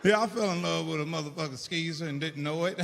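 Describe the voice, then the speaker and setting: A man in his older years doing a stand-up comedy routine, telling crude stories in a loud, animated way. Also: a little high, moderate pace, gravelly. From United States. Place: comedy club stage with a laughing audience. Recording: live stage in a large hall, loud crowd noise.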